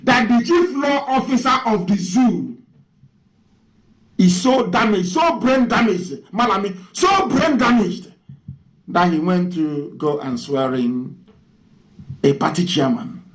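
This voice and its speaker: A man's voice: high voice, expressive, slow pace, long pauses, low-quality recording. A Nigerian man giving an impassioned radio address, firing off mocking rhetorical questions. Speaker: radio broadcaster.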